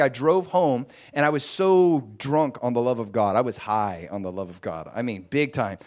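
Male preacher, testimony-style sermon; lively storyteller, spikes high when excited. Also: moderate pace, few pauses. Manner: animated storytelling with sudden high excited bursts.

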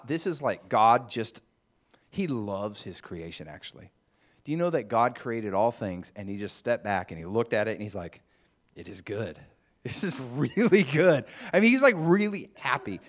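Male pastor, conversational sermon, animated lilting delivery. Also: mid-range voice. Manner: chatty, musing, with asides to the congregation.

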